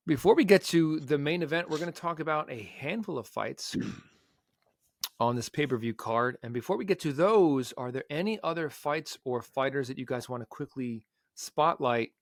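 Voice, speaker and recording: A man's voice: medium pitch, no echo, clean studio sound. A man hosting a casual sports podcast, upbeat and playful as he leads the talk. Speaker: podcast host.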